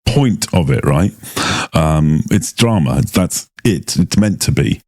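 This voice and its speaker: Slow, deep-voiced middle-aged man. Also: lively intonation, darkish tone, dry recording, clean studio sound. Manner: unhurried, agreeable, gropes for words with fillers. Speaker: podcast co-host. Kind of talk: casual podcast chat.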